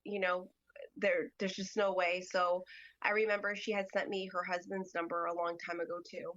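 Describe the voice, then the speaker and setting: A woman guest on a podcast, telling a personal story in a halting way, full of "like" and "you know". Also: on the low side, level tone, fairly bright tone, highs cut off.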